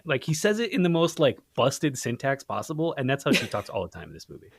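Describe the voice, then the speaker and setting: A man guesting on a podcast, chatting casually about a movie in a rambling way, with halting restarts. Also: on the high side, very animated, no room sound, studio quality. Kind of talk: casual movie-review chat.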